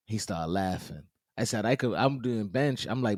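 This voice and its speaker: Brief: man, podcast co-host, animated slangy storyteller, dry close mic. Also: fairly low pitch, fairly quick, no room sound. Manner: animated storyteller, quotes people in his own voice; loose slangy talk with frequent "you know what I'm saying". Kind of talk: casual chat.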